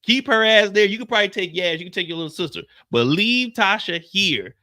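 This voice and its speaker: A man hosting a live stream, recapping a TV episode in animated, profane, blunt commentary. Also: high voice, a little fast. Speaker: TV show recap host.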